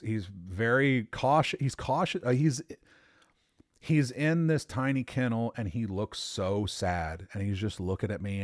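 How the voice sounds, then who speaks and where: A man with a very low, deep voice tells a rambling personal story and keeps stopping to correct himself. He swears casually and laughs at himself. The sound is dry and close, with no room around it. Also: no echo. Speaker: podcast host.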